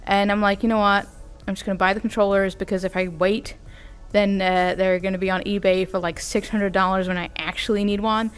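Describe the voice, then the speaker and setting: A woman's voice: mid-range voice, flat delivery, fairly quick, clear, resonant tone. Giggly rambling woman vlogger. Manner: rambling, self-deprecating, giggly asides. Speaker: vtuber vlogger. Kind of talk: casual chat.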